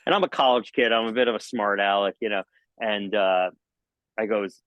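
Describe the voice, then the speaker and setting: Brief: middle-aged male entertainer, energetic storyteller, jumps into high-pitched bits, dry close sound. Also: brisk, no echo, dull audio. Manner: lively, jokey, acts out anecdotes with sudden high exclamations. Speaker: magician and mentalist guest. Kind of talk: animated storytelling in a podcast interview.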